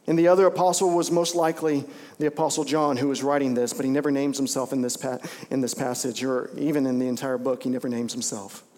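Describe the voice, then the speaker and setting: A pastor preaching a sermon to his congregation in an animated way, acting out lines in different voices. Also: in a large hall. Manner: animated preaching, acts out voices with big pitch jumps. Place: church sanctuary.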